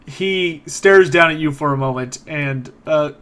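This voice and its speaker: Relaxed male game master. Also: fairly high pitch, measured pace, smooth. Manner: relaxed narration with fillers. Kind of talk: narrating a tabletop game.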